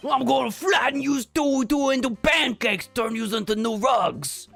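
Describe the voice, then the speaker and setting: A hot-headed mob loan shark from a video game, his voice high, gravelly and raspy. He drawls slowly and threatens in rough slang, his pitch leaping all over, with faint game music behind. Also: fairly bright tone, full character voice. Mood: angry. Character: gruff hot-tempered male mafia loan shark.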